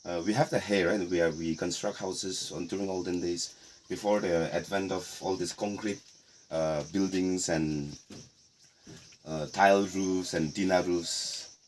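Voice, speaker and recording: A middle-aged man from Nagaland, guiding a casual tour of a heritage house in a relaxed, explanatory way with playful asides. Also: low-pitched, a little slow, a little hiss or hum. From Nagaland, India. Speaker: tour guide.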